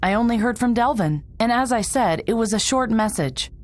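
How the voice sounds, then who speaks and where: A woman's voice: a little high, lively intonation, moderate pace, lightly acted. A woman voicing a pleading radio operator. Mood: tense. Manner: urgent, pleading. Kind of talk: video game voice acting.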